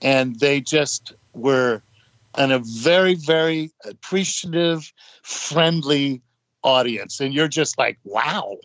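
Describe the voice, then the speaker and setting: A man's voice: medium pitch, slow pace, a bit bright, dry recording. An older man, a guest musician, telling casual stories and acting out what others said. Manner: rambling, acts out quotes of others. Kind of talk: casual anecdotal storytelling. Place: podcast studio. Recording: dull, dry studio audio.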